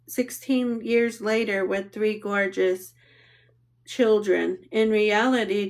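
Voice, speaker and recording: A woman narrating an audiobook in a steady, matter-of-fact reading. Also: mid-range voice.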